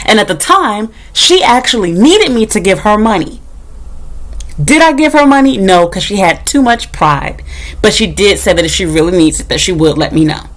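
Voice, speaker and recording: A woman's voice: mid-range voice, fairly bright tone. A young woman vlogger ranting bluntly and sarcastically to her own camera, swearing freely as she tells a story. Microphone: camera mic.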